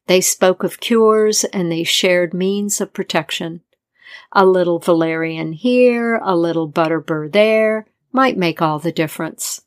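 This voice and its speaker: A woman tells an old legend at an unhurried pace, her voice sitting low and calm. She reads in a measured, deliberate manner suited to scripted storytelling. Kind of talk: scripted folktale narration.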